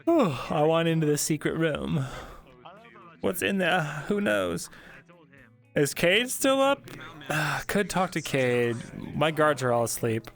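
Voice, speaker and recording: A man's voice: fairly high pitch, big pitch swings, takes it slowly, creaky, faint music behind. A tired man streaming, chatting casually and joking around with frequent laughter after a role-play session. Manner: laughs often, joking, goofy. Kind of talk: casual post-session chat.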